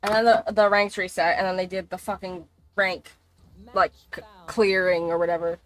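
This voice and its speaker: A woman's voice: on the low side, little pitch movement, normal speed. A woman streaming a game live, chatting in a rambling, casual way and swearing freely. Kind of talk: casual gaming livestream chat.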